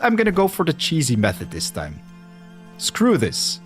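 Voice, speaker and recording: Young Flemish male streamer, rambling and self-deprecating, animated delivery over faint game music. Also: on the high side, normal speed. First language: Dutch. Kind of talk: casual livestream chat over gameplay.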